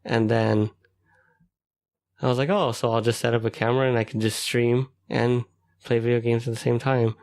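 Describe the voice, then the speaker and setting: A man's voice: mid-range voice, level tone, moderate pace, creaky, a little mellow. Chatty laughing man. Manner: laughs often, rambling with many fillers. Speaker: podcast co-host. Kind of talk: casual chat.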